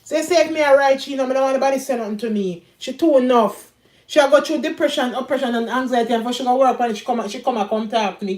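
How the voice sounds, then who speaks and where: A middle-aged Jamaican woman with a high voice rants in thick patois, scolding and repeating herself. She talks casually to her audience. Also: fast talker. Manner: loud, scolding, patois-heavy. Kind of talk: ranting casual talk.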